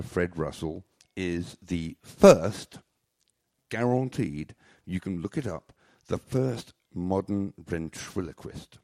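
Gravelly low man telling rambling stories. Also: darkish tone, no room sound, studio quality. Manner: rambling, joking, self-mocking. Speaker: storyteller. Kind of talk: live comic storytelling. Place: small club on stage.

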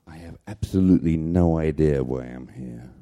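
A man's voice: extremely low pitch, normal speed, dark tone, dry recording, lo-fi sound. A man telling comic stories about his life on stage at a small club, rambling and joking at his own expense. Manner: rambling, joking, self-mocking. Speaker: storyteller. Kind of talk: live comic storytelling.

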